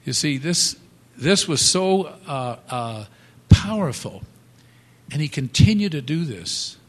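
A man telling a motivational story in a halting, animated way, with many restarts. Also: on the high side. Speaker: speaker. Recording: long hall reverb.

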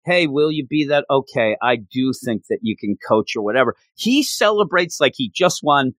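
A man's voice: mid-range voice, animated, normal speed, a bit bright, no room sound. A man chatting casually as a podcast co-host, laughing often and acting out characters' lines as he recaps. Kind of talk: casual chat recapping a show.

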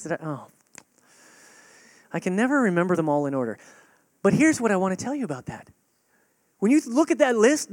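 A man preaching a sermon to his congregation, earnest and direct, swinging between loud urging and hushed, near-whispered lines. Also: sits high, no echo, clean studio sound. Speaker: pastor.

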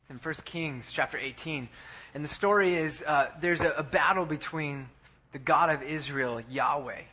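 Male preacher, sermon storytelling, husky, bright and forceful tone. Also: medium pitch. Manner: animated retelling, shouting quoted lines.

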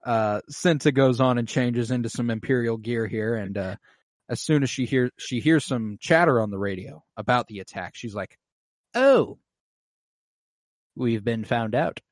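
Male podcast co-host, mid-pitched and excitable, cursing freely, recorded dry. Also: moderate pace, dry recording. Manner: excitable, swears often, lots of fillers. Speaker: podcast co-host recapping an episode. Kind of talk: casual chat.

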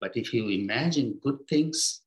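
A man giving a reflective spiritual talk as a teacher, unhurried, his voice sinking low and quiet at the ends of phrases. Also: expressive.

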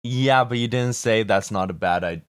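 Deep-voiced laid-back man, dry sound. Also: normal speed, no echo. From Canada. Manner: laid-back, swears freely, hedging. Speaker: podcast co-host. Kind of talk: casual chat.

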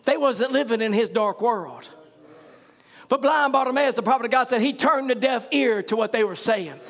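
A man preaching a revival sermon to his church. He shouts in fervent surges and breaks into hallelujahs, then drops low and quiet to tell the story. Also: moderate pace.

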